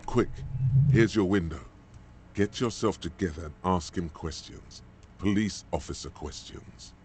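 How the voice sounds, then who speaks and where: A man doing a deep, slow inner voice. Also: darkish tone, slight background noise. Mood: urging. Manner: solemn, blunt, scolding. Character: grave inner voice of a detective's mind.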